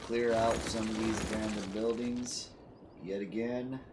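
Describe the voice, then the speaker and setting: A man's voice: on the low side, fairly even intonation, a little slow, background noise. A man streaming a city-building game, casually thinking aloud and asking his chat for ideas. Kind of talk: casual gameplay commentary.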